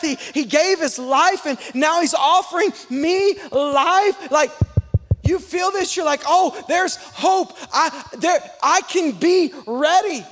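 Man preaching, very high voice, call-and-response sermon, emphatic, speeds up and slows down, long church hall echo. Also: a bit bright. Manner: swings between fast and slow, drawn-out emphasis. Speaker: guest pastor. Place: large church sanctuary.

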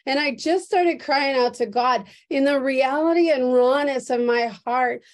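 A woman pastor with a fairly high voice delivers a prophetic sermon at an unhurried pace. She speaks with earnest emotion and circles back to the same phrases. The sound comes through a video call. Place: church service streamed on video call.

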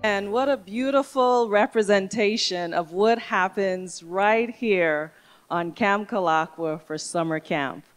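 A woman hosting a church service, introducing a guest and calmly inviting people to give an offering. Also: mid-range voice, takes it slowly, faint music behind. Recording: long hall reverb.

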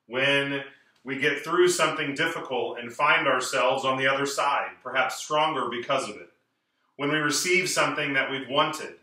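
Bright-voiced priest in an echoing church. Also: male voice, medium pitch. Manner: measured, clear liturgical reading with slow emphatic pauses. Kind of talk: reading scripture and preaching a homily. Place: large church. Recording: echoey church, voice from far off.

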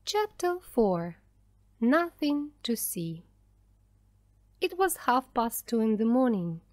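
A woman narrating an easy-English storybook in a slow, careful, clearly spoken way. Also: on the high side, very animated, dry recording. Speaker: audiobook narrator. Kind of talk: scripted narration of an easy graded reader.

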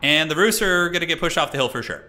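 A man giving casual, excitable live commentary on a strategy game tournament, chatting with his stream viewers as he goes. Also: fairly high pitch, fast. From United States. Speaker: tournament caster.

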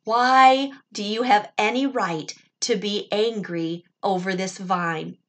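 A calm, patient divine voice, as a woman storyteller puts it on, asking pointed questions without raising its tone. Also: mid-range voice, takes it slowly. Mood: reproving. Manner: gently reproving questions. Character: patient, questioning God figure.

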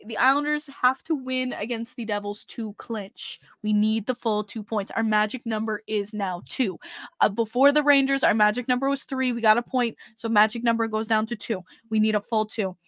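A woman co-hosting a hockey podcast in casual chat, excitable and laughing often. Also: fairly high pitch, moderate pace, no room sound, studio quality. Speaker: podcast co-host.

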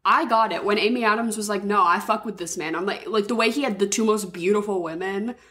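A woman co-hosting a podcast in casual, profane chat about a movie. She talks in an animated way and acts out quotes with rising pitch. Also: fast talker. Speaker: podcast co-host.

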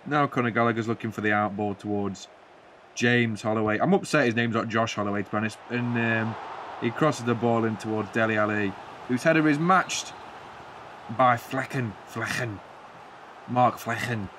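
A man's voice: lowish voice, fairly quick, noisy background. A man giving rambling, jokey play-by-play commentary on a football video game, breaking into mock-commentator flourishes. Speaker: gaming channel host.

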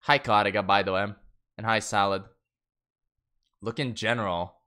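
A man's voice: lowish voice, fairly even intonation, normal speed, bright, forceful tone, clean tone. A man streaming a game in casual, profane commentary, laughing and getting sidetracked. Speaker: gaming streamer.

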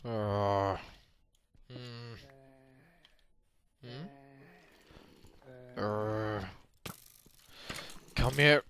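A young man giving game commentary, excitable, often yelping and screaming when in danger. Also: on the low side, extremely slow, pauses often. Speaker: gameplay commentator.

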